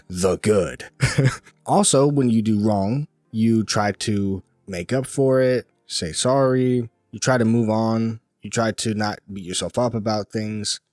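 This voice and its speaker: A man's voice: fairly low pitch, slow, darkish tone, dry recording, studio quality, soft background music. A man giving a casual, rambling faith-based pep talk, repeating himself and restarting sentences. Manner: rambling, repetitive, restarts often, laughs lightly. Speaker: motivational vlogger.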